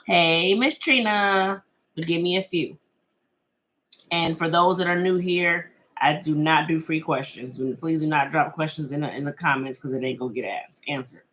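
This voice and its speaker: A woman's voice: sits low, fairly even intonation, moderate pace, fairly bright tone. A middle-aged woman hosting a casual live-stream tarot reading, chatty and reassuring, reading viewer comments aloud and laughing often.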